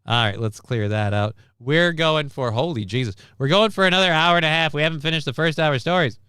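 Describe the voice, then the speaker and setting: A man's voice: fairly high pitch, a little fast, sharp tone, smooth, dry recording. Wry man hosting a live stream. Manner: wry, rambling, crude asides. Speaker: stream host. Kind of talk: casual live-stream chat.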